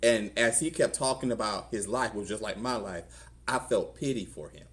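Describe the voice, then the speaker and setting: Deep-voiced Southern pastor telling a story. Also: male voice, normal speed, a bit bright. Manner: conversational storytelling, acts out quoted voices. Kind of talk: testimony sermon. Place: church.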